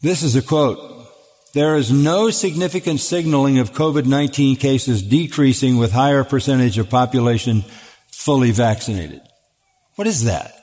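An older man preaches at a middle pitch, earnest and emphatic, often stumbling over and repeating the first words of a sentence. His voice carries a long reverb from a large hall. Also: darkish tone. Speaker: pastor answering questions. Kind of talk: sermon-style Q&A talk. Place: church auditorium.

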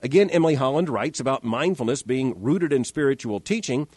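A man hosting a podcast, giving measured, emphatic scripted commentary that quotes and rebuts with repetition. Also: medium pitch, lively intonation, a little mellow, husky, no room sound. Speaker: host of a daily commentary podcast.

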